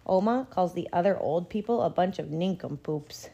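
Woman storybook reader, mellow and gentle, even pacing. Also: fairly low pitch, moderate pace, vocal fry, muffled recording, slight background noise. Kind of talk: picture-book read-aloud.

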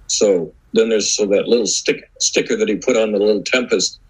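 A man's voice: fairly low pitch, normal speed, breathy edge, poor audio. A man who is a guest author, talking in a rambling way with many fillers. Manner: rambling, lots of "you know" fillers. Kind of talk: casual conversation.

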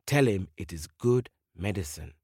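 Wise village chief, measured, commanding, a bit lower, a man doing him. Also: animated, a little mellow, husky, no room sound, clean studio sound, full character voice. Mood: firm. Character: calm older male village chief, firm and wise.

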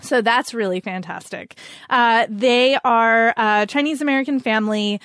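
A woman's voice: fairly high pitch, moderate pace, a bit bright, no echo, studio quality. A woman hosting a podcast, recommending books in enthusiastic casual chat, laughing often and saying "like" a lot.

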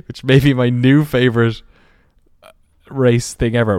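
A man's voice: medium pitch, takes it slowly, long pauses, a little mellow, clear, resonant tone, no room sound, studio quality. A man hosting a solo podcast. He rambles off the cuff, swears casually and keeps correcting himself. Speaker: podcast host.

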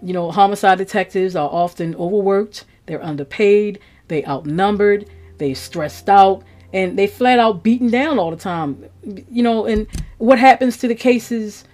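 A woman hosting a true crime podcast, her voice sitting in an ordinary middle pitch. She speaks bluntly and plainly, in a casual, conversational manner. It sounds like a close podcast mic. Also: measured pace, darkish tone. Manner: blunt, outspoken, plain-talking.

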